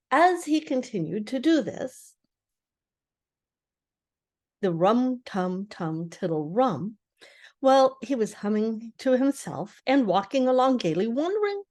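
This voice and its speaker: Older grandma reading a kids story, gentle, voice going up and down a lot. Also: female voice, a little high.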